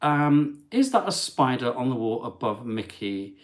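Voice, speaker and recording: A man hosting a casual live travel stream, chatting and reading viewer comments aloud in an animated way. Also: mid-range voice, slow. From England.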